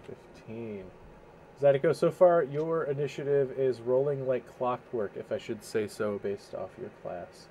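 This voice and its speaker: A man narrating as game master for a tabletop role-playing session, in a casual, relaxed way with filler pauses. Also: mid-range voice, slight background noise.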